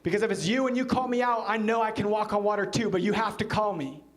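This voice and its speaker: Man preaching a sermon, high-pitched voice, storytelling, hushed low quoted lines. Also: fast talker. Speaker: pastor. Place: church.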